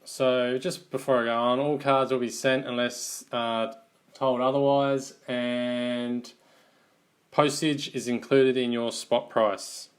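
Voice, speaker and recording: An Australian man runs a live card break, naming each team and player as the cards come out. He talks at a slow, easy pace with a mid-range voice, relaxed and chatty with his viewers. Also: mid-range voice. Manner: unhurried, relaxed running commentary, calling out teams one by one. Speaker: card box break host.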